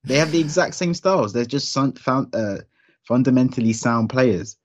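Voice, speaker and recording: A man's voice: medium pitch, normal speed, highs cut off. A man on a sports podcast panel, confident and emphatic as he lays out statistics. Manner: confident, stat-heavy, emphatic. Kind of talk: casual panel chat.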